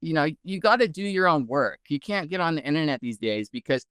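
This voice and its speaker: A man, a guest researcher, telling a story in a casual, animated way with many "like"s. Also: on the high side, a little fast, clear, resonant tone, no echo, studio quality. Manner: animated, heavy use of "like".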